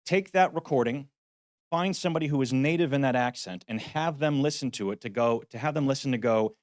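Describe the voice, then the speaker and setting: A man presents at a conference in a practical, explanatory way, slipping in wry jokes at his own expense. His voice sits at an ordinary middle pitch and is recorded close and dry, with almost no room sound. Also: fairly quick, dry recording. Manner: practical, wry, self-deprecating asides. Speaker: voice actor giving a conference talk. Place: conference venue.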